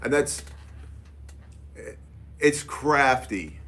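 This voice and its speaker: A man's voice: medium pitch, extremely slow. A man and business owner telling a casual story, acting out the dialogue with "I'm like" and "she's like.". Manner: animated, quotes dialogue with "I'm like".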